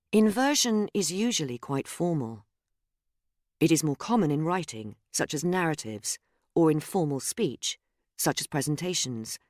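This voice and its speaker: A narrator reading a scripted grammar lesson in a measured, explanatory way, speaking example sentences aloud. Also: medium pitch, darkish tone, no echo, clean studio sound. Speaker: course narrator.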